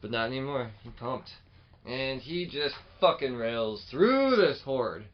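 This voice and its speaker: A man co-hosting a podcast, chatting casually and animatedly about comics, swearing freely and acting out lines in quick bursts. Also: mid-range voice, lo-fi sound. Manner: animated, swears often, acts out quotes. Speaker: podcast co-host. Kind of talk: casual chat.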